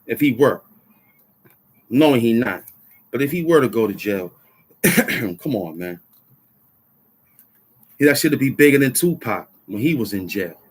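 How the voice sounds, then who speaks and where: Husky middle-aged man ranting. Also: medium pitch, lively intonation, a little slow, pauses often. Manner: heated, repeats phrases for emphasis, street slang. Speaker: vlog host. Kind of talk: casual political rant to camera.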